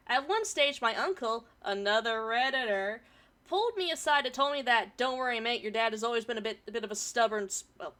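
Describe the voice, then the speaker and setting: A woman's voice: fairly high pitch, animated, a little fast, bright, forceful tone. A woman streamer reading a forum story aloud and chatting about it, swearing casually, her throat a bit irritated from pollen.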